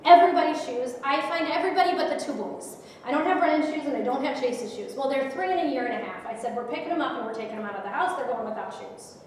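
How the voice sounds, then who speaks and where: A middle-aged woman with a high voice tells her story as an emotional personal testimony, acting out the dialogue vividly. She is heard from some distance away in a large hall, and her voice rings with long reverb and faint noise behind it. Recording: echoey hall, speaker far from mic.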